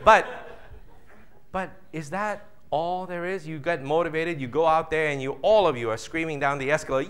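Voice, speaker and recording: A man giving a live motivational seminar talk, animated and jokey, acting out voices of the audience. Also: a little high, moderate pace, smooth. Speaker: motivational speaker.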